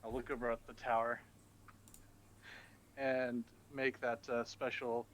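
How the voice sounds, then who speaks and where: A man's voice: medium pitch, level tone, unhurried, fairly bright tone, a little hiss or hum. A man playing a tabletop game, teasing and playful in casual chat. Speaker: player.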